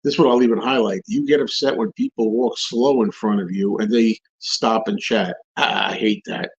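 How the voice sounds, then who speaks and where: A man's voice: lowish voice, fairly even intonation, normal speed, husky, muffled recording. A man hosting a live stream, answering viewer questions in casual rambling chat, repeating and restarting his phrases as he rants.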